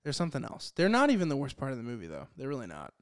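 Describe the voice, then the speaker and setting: A man's voice: medium pitch, huge pitch swings, racing, clean tone. A young man co-hosting a casual podcast, blunt and sarcastic, swearing freely as he picks a film apart. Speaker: podcast co-host.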